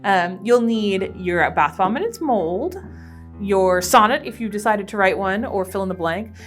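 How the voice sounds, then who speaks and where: A woman's voice: mid-range voice, lively intonation, unhurried. A woman presenting a library teen craft tutorial, explaining each step in a friendly, casual way. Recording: soft background piano music.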